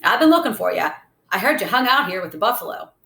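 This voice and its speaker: A woman's voice: mid-range voice, very animated, fast, creaky, pushed and bright, full character voice. A woman voicing a tough, streetwise boy who talks in boastful slang. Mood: brash. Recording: roomy echo.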